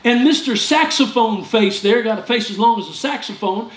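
A man pastor preaching a sermon, animated and jokey, with sudden loud outbursts. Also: sits high, normal speed. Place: church sanctuary. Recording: echoey church room with faint ambience.

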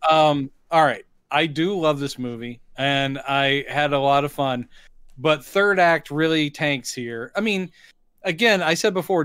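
Smooth-voiced man co-hosting a film podcast. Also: on the high side, fairly bright tone, dry recording. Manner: jokey, acts out characters' lines while recapping. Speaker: podcast co-host. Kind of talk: casual movie-review chat.

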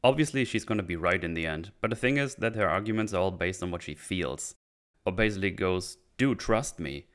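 A man's voice: low-pitched, fast, a bit bright, smooth. A man hosting a casual recap, sarcastic and irreverent as he mocks plot holes. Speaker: channel host reviewing a series.

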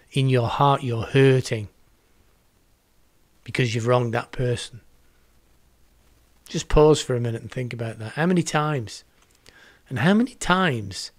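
A man's voice: mid-range voice, no room sound. A man in his sixties preaching a home video sermon, earnest and reflective, repeating words for emphasis. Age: 60s. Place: home setup with green screen.

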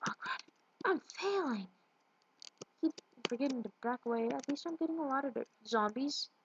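A woman's voice: sits high, fast. A woman giving casual gameplay commentary, rambling and tripping over her words. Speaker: let's play gamer. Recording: muffled lo-fi with loud hiss.

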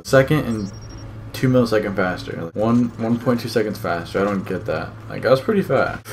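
A man's voice: lowish voice, moderate pace, a little hiss or hum. A young man giving gameplay commentary as a channel host, muttering and swearing at the game in frustration.

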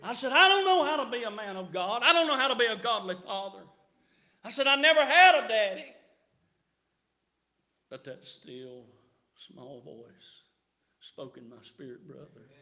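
Middle-aged male preacher, high bright tone, shouting revival delivery with frequent amens. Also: big pitch swings, normal speed, long pauses. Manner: rising to shouts, punctuated with amen. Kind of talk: revival sermon. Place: church.

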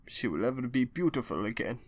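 A man reading an audiobook, voicing a grieving older undertaker who pleads in a low, quiet voice. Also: very animated, brisk, no room sound. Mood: bitter. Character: grieving older male undertaker begging for justice.

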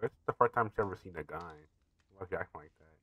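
A man hosting a reaction video, giving casual, profane commentary full of laughs and excited asides. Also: deep voice, racing, slightly rough, dry recording, phone-quality sound.

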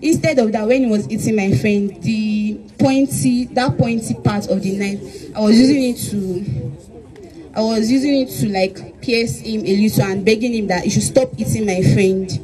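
A young woman giving a statement as a crime suspect, halting and full of fillers. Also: mid-range voice, fairly even intonation, mellow, rough recording. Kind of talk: recounted testimony.

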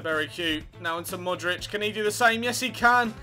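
A man giving excitable live gameplay commentary, yelping at near misses and swearing. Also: high-pitched, normal speed, soft background music. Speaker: gaming channel host.

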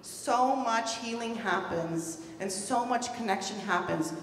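A woman presents at a conference in an earnest, emphatic way, leaning on key words and repeating them, her voice a little high and her pace measured. The recording comes from an echoey hall with the mic far away and a faint hum underneath.

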